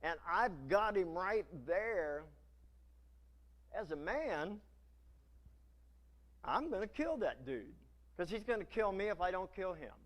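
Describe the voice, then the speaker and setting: High-voiced preacher telling a story. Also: male voice, slow, long pauses. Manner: dramatic storytelling, animated. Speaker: pastor. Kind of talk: sermon. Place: church.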